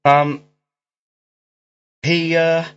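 A man's voice: fairly high pitch, little pitch movement, very slow, a bit bright, smooth. A man, hosting a podcast, who recaps a movie plot in a rambling, laughing way full of ums and restarts. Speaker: podcast host. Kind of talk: casual movie-recap chat. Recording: dull lo-fi audio with faint music.

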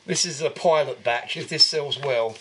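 A man's voice: mid-range voice, normal speed, a bit bright, slight background noise. A man co-hosting a podcast, giving a rambling, filler-heavy recap of a film in casual chat. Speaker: podcast co-host.

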